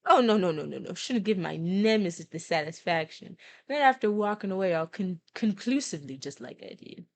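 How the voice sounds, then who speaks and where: औरत द्वारा निभाया गया खुरदुरा कंकाल प्रतिद्वंद्वी. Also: female voice, mid-range voice, lively intonation, fairly quick, lightly acted. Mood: blustering. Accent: attempted New York accent. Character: grumpy male skeleton rival, theatrical.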